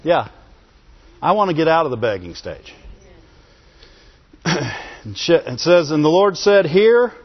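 High-voiced guy preaching, keeps asking amen, dull lo-fi recording. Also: sing-song, a little slow, long pauses. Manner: asks the congregation for call-and-response "Amen?"; repeats phrases for emphasis and chuckles between points. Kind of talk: sermon.

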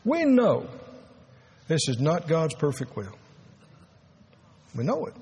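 A man preaching a sermon as pastor, earnest and halting, repeating words and rising to emphasis. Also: a little high, wildly swooping pitch, creaky, a little mellow.

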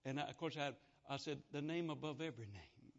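Preacher, male, high voice, folksy storyteller, muffled lo-fi recording. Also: quick pace, creaky. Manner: folksy, animated testimony with acted-out dialogue. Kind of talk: sermon storytelling. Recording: dull lo-fi sound.

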